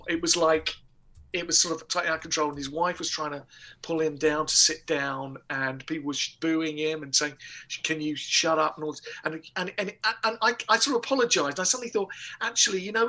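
A man telling a comic anecdote in a lively, casual way, with restarts and laughter. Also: on the high side. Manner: animated storytelling with laughter and restarts. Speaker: guest comedian. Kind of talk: casual anecdote on a talk show.

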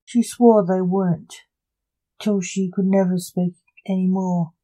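A narrator reads a story aloud in short, halting phrases. The pace is very slow. The tone is very dark and mellow. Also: medium pitch, flat delivery, low-quality recording.

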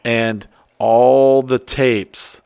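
Profane excitable man telling a story. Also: mid-range voice, extremely slow, creaky, clean tone, no echo, clean studio sound. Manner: profane, excitable, acts out quotes. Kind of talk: casual storytelling chat.

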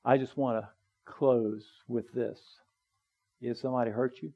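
A man preaching a sermon in a church, earnest and conversational, building to emphatic pleas and dropping to soft, quiet appeals. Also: medium pitch, fairly even intonation, unhurried, lo-fi sound. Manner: conversational with small asides. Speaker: pastor. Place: church sanctuary, also live streamed.

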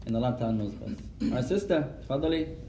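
A man teaching a mosque lesson and answering questions, mixing Arabic phrases into his English, in a gently instructive way. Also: medium pitch, animated, fairly quick, slight background noise. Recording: roomy echo, voice from far off.

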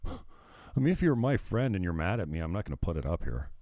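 A man's voice: sits low, very animated, brisk, warm tone, no echo. A man hosting his own livestream, ranting in a casual, profane, rambling way, often getting sidetracked and laughing at himself. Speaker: livestream host.

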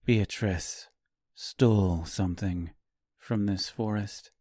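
A man's voice: lowish voice, drawn-out words, a little mellow, no room sound, studio quality. A man voicing a cold, stern forest woman.

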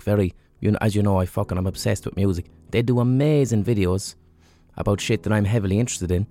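Man, somewhat low voice, podcast host, feverish, sweary and rambling, faint music behind. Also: warm tone. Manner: blunt, sweary, rambling with many ums. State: feverish, unwell. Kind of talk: casual solo monologue.

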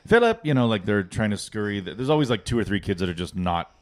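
A man's voice: fairly low pitch, lively intonation, fast talker. A man co-hosting a comedy podcast, joking, swearing and acting out other people's lines in silly voices. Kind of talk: casual chat.

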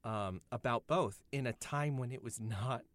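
A man's voice: mid-range voice, measured pace, dry recording. A man co-hosting a podcast, thoughtfully explaining ideas in a casual film discussion. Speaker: podcast co-host.

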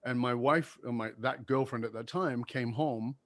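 A man of middle pitch speaking earnestly and openly, his emphatic delivery building as he tells a personal story. He talks plainly, without a performed voice. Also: normal speed, fairly bright tone, no room sound. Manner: earnest, emphatic, acts out dialogue.

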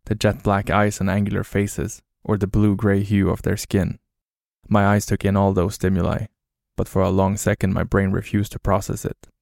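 A man narrating a horror story in a flat, grim, low-key way. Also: gravelly, no echo, clean studio sound.

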